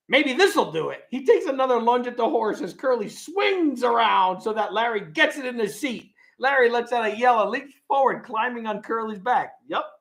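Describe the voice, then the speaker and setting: A man's voice: high-pitched, fairly bright tone. A man hosting a casual live stream, reading a script aloud with its stage directions and chuckling often.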